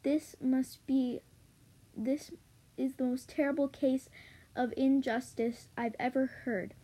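A woman voicing an upset eight-year-old farm girl, raising her pitch and reading in a halting way. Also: steady tone, mellow. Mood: pleading. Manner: raised pitch, halting read-aloud delivery.

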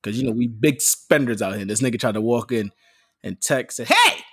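A man on a casual podcast telling animated stories, acting out quotes and laughing often. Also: mid-range voice, brisk, slightly rough, no echo, clean studio sound. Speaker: podcast co-host. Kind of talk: casual storytelling banter.

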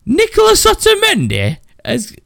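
A man's voice: very high voice, huge pitch swings, unhurried, gravelly, a bit bright, dry recording, studio quality. A man hosting a casual podcast, ranting brashly and swearing freely. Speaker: podcast host.

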